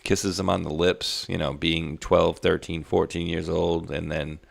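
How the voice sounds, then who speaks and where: A middle-aged man from Rhode Island in the United States co-hosts a livestream, rambling through loose, casual chat, laughing often and tossing in slang like "dude" and "bro." His voice is low-pitched and gravelly, a little slow, with little pitch movement.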